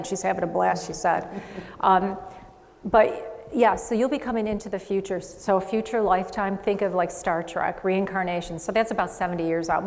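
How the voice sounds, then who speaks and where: A woman psychic medium hosting a show, giving chatty readings to a live studio audience with quick asides and frequent laughs. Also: on the low side, vocal fry, in a large hall.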